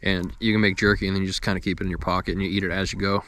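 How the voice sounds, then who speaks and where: A man's voice: low-pitched, flat delivery, rapid-fire, a bit bright, slight background noise. A young man in casual talk to the camera outdoors by a campfire, easygoing and rambling, chewing as he talks. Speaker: outdoors vlogger.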